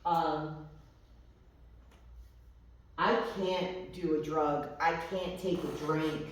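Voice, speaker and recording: A woman's voice: sits low, steady tone, extremely slow. A young adult woman candidly telling her recovery story to a group, swearing freely and using many fillers. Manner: candid and profane, frequent fillers. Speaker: recovery meeting speaker. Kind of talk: personal testimony to a group. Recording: echoey room, distant mic.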